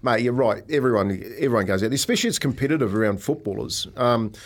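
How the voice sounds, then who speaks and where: A man's voice: mid-range voice, fast talker. A man co-hosting a radio show in a studio, telling golf anecdotes in casual chat and laughing often as he goes. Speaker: radio co-host.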